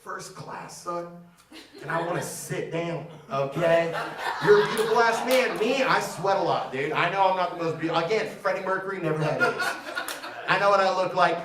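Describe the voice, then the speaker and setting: A man in his thirties with a high-sitting voice delivers a brash, profane stand-up set at normal speed, teasing the crowd from a comedy theater stage. The mic is distant, the room echoes, and there's background noise.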